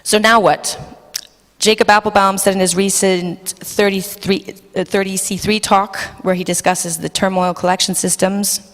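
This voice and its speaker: A woman's voice: mid-range voice, level tone, normal speed. A woman moderating a panel discussion, reading introductions from notes with fillers and restarts. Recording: long reverb of a hall.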